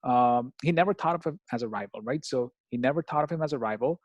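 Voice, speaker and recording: A man's voice: mid-range voice, fast talker, no room sound, lo-fi sound. A man tutoring students through test answers in a casual walkthrough, often checking in with "right?" and "okay?". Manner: hesitant, many fillers and restarts.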